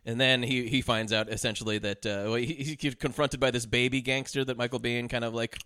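A man co-hosting a film podcast, recounting movie scenes in casual chat and shouting out lines he quotes. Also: mid-range voice, a little fast, no room sound, clean studio sound. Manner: animated retelling, mimics shouted lines. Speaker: podcast co-host.

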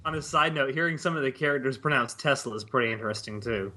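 A man's voice: mid-range voice, fast. A man co-hosting a casual group chat, cracking jokes. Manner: joking, animated. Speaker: podcast co-host.

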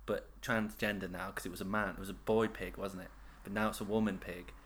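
A man's voice: low-pitched, flat delivery, brisk, a bit bright. A man co-hosting a podcast, trading teasing, jokey quips. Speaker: podcast co-host. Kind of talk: casual chat.

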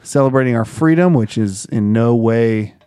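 A man's voice: mid-range voice, moderate pace, mellow, smooth, no echo, studio quality. A man co-hosting a podcast, joking wryly in casual banter. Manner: joking, wry. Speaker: podcast co-host.

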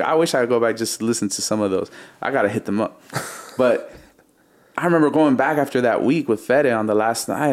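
A man casually telling stories in an interview, lively, acting out beats and quoting others. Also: mid-range voice, quick pace. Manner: animated, imitates beats and quotes others. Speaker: music producer guest.

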